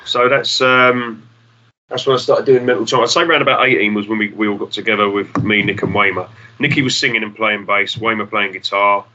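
A man's voice: fairly low pitch, level tone, fairly quick, sharp tone, lo-fi sound. A man, a musician guest rambling through stories, swearing casually and acting out the people in them. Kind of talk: casual storytelling.

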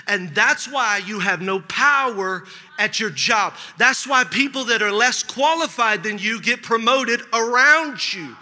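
A man preaching a sermon as pastor, telling a personal story with lively asides and humor. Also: very high-pitched. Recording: large hall with long reverb.

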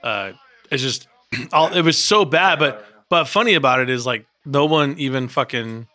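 A man talks casually on a podcast, chatty and a bit profane. His voice is bright and at an everyday pitch. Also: lively intonation, moderate pace. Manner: chatty, profane, laughing asides. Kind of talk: casual chat.

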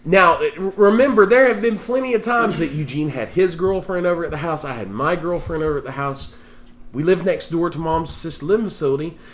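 A man's voice: on the high side, a little fast. A man telling a crude, profane story to friends, often laughing as he talks. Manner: profane, laughing through his own story. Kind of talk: casual storytelling among friends.

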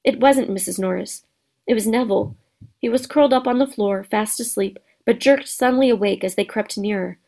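A woman reading a children's storybook aloud as narrator, steady and expressive. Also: on the high side, brisk. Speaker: audiobook narrator.

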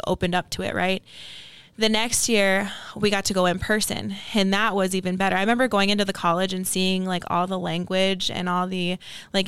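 A woman's voice: mid-range voice, a bit bright, smooth, no echo. A young adult woman guest on a podcast, telling her story in an earnest, reflective way, with many casual fillers.

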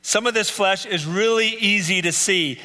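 Bright-voiced man teaching in a hall. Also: sits high, normal speed. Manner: earnest, lists traits one by one with repeated phrases. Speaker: Bible study teacher. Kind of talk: live teaching talk. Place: church meeting room.

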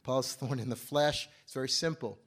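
A man preaching a live sermon to a congregation, moving from low asides to loud outbursts and often asking the audience questions. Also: moderate pace, breathy edge. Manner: conversational, asks the audience questions. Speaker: pastor. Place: church service.

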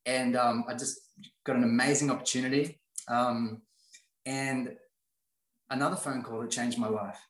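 A man's voice: mid-range voice, little pitch movement, normal speed, long pauses. A man sharing his life story in an earnest, motivational way, often repeating phrases for emphasis. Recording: roomy echo.

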